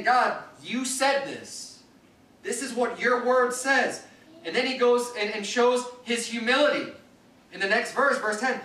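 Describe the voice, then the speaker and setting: A man preaching in a church, with a high, bright voice that moves between scripture reading and earnest explanation. The sound is echoey and comes from a distant mic across the sanctuary. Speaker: pastor. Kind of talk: sermon.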